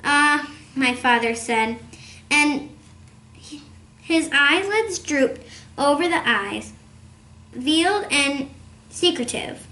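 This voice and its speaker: A woman reading a children's novel aloud in a measured storytelling manner. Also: sits high, animated, bright, forceful tone, roomy sound. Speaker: narrator.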